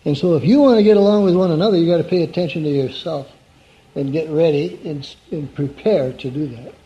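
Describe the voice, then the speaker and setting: A man's voice: on the high side, a little fast, mellow. A man preaching an evening sermon in a conversational, folksy way, often putting questions to his listeners. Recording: dull lo-fi recording.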